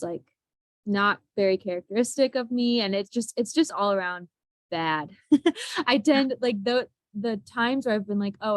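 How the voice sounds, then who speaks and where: A woman's voice: medium pitch, no echo, poor audio. A young adult woman teacher talking candidly about her classroom struggles in a casual group discussion, laughing often at herself.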